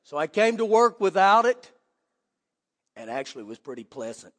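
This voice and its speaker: A man preaching a sermon as pastor, telling lively stories and acting out quoted voices. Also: sits high, normal speed, big-room sound. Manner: animated storytelling with quoted voices. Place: church sanctuary.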